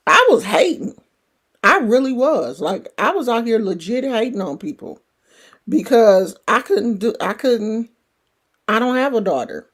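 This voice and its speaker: Chatty woman with a country twang. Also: medium pitch. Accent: California country twang. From California. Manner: chatty, rambling, folksy. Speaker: livestream host. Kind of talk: casual chat.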